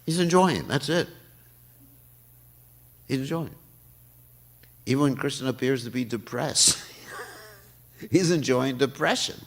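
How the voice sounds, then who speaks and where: An older man giving a morning temple class, talking in an animated way and laughing often. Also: mid-range voice, slow, pauses often. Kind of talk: sermon. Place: temple hall.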